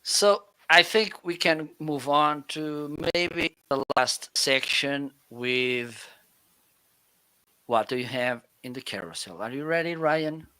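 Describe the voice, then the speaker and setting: A man's voice: on the high side, slow, sharp tone, clear, resonant tone. A man from Portugal co-hosting a live shopping stream from his home studio, chatty and laughing often as he explains gear step by step on a studio mic. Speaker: co-host. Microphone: studio microphone.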